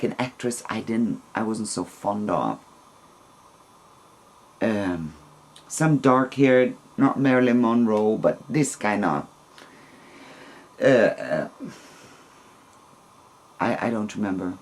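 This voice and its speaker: Speaking to camera in a bass, slightly mellow voice, a woman vlogger shares a personal story. She is animated yet slow, pausing often, and hesitant, frequently starting over as she hunts for the right words.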